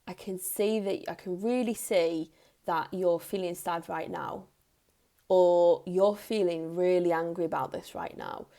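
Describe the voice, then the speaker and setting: A woman in her thirties, a parenting coach, giving earnest advice straight to the camera in a soft tone, repeating key phrases for emphasis. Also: fairly low pitch, steady tone, measured pace, vocal fry. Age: 30s. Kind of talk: direct-to-camera advice talk.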